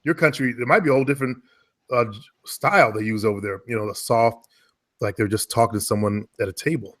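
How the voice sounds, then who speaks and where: A man with an American accent, chatting casually and giving relaxed, talkative advice about voice work. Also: mid-range voice, quick pace. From United States. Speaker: guest, former radio and commercial voice talent. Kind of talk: casual conversation.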